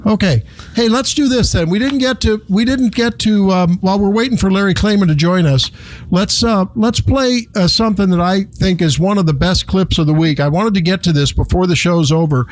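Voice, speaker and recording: A man's voice: high-pitched, brisk, slight background noise. A man hosting a radio talk show, speaking casually with many fillers and restarts.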